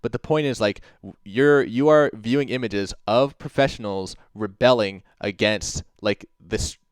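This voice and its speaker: A man with a lowish, smooth voice hosts a casual livestream. He rambles through his points, dropping "like" into nearly every phrase and swearing freely while responding to chat. The sound is dry and close. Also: measured pace, dry recording. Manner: rambling, heavy with "like" fillers and swearing; reads out and answers chat messages. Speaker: livestream host.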